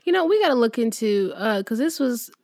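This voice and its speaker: A woman's voice: fairly high pitch, sing-song, a little fast, vocal fry, darkish tone, no room sound. A woman co-hosting a podcast, chatting about a movie with dry, wry remarks. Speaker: podcast co-host. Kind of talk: casual chat.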